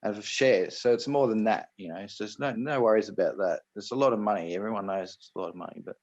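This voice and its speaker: A man's voice: fairly low pitch, fast talker, a little mellow, muffled recording. A man with an Australian accent talking in a loose, rambling way on a call, often restarting and tossing in "right?" and "mate". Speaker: guest explaining private trusts. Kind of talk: casual rambling chat on a call.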